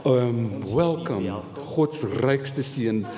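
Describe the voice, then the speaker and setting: A man's voice: mid-range voice, expressive, extremely slow. A man telling a rambling, humorous story about his past as a guest on a live festival panel. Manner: chatty, rambling, laughs often, dry humour. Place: festival event hall. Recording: live hall with reverb, faint noise.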